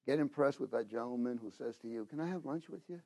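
A middle-aged man preaching a sermon, talking straight to the congregation and swinging between loud exhortation and hushed asides. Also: medium pitch, fast. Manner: talks to the congregation directly, with frequent "you know?" and "okay?".

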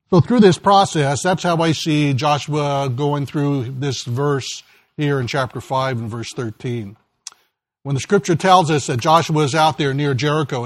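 A man's voice: fairly high pitch, no room sound. A man preaching a sermon in a folksy storytelling way, acting out the voices in a joke. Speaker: pastor.

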